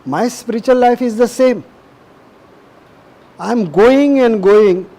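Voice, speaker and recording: Middle-aged male preacher, high-pitched, emphatic and repetitive sermon delivery. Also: takes it slowly, mellow, poor audio. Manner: emphatic, repetitive, asks the audience questions.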